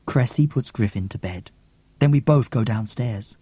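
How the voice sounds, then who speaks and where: A man's voice: medium pitch, moderate pace, dark tone, husky, dry recording. A man reading an audiobook expressively, with theatrical gasps and whispers. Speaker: audiobook reader.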